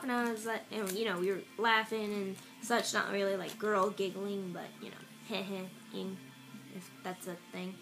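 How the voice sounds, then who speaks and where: A woman's voice: mid-range voice, level tone, a little slow, a bit bright, low-quality recording. A young woman rambling casually through a haul video, recorded on an iPad. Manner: rambling and offhand, with fillers. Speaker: vlogger. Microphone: iPad camera. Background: faint music from a radio.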